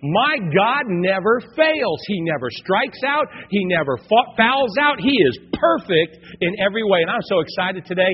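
A male pastor preaching an energetic sermon to his congregation in a church, building to emphatic peaks. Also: high voice, moderate pace, hardly any pauses, in a large hall, a little hiss or hum. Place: church sanctuary. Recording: dull lo-fi recording.

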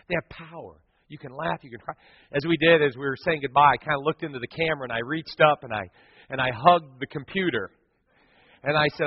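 A middle-aged man preaching a sermon, telling stories and swinging from hushed to loud. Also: medium pitch, husky. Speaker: pastor. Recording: dull sound with long hall reverb.

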